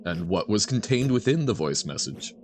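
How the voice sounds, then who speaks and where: A man streaming a game, chatting casually with his audience in an animated, rambling way that keeps correcting itself. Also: fairly low pitch, moderate pace, slight background noise. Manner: animated, rambling, self-correcting, answers chat. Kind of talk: casual live-stream chat while gaming.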